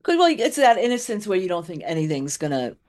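A woman's voice: on the low side, big pitch swings, fast, darkish tone. A middle-aged woman co-hosting a casual chat, rambling through memories with frequent laughs and trailing asides.

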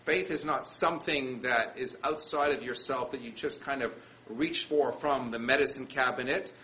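Brief: male rabbi, lively storytelling sermon, bright tone, faint background noise. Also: mid-range voice, moderate pace, rough recording. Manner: animated storyteller, acts out quotes.

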